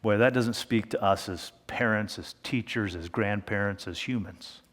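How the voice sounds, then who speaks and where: A man preaching a sermon as pastor, talking in a conversational way and slowing down to a hush for emphasis. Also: fairly low pitch. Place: church sanctuary. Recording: long reverb of a church hall.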